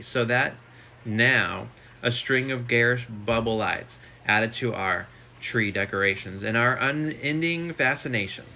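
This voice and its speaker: A man's voice: mid-range voice, sharp tone, a little hiss or hum. A man casually reading a book aloud at home for a live stream, adding chatty asides between passages. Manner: reads steadily with chatty asides. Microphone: phone.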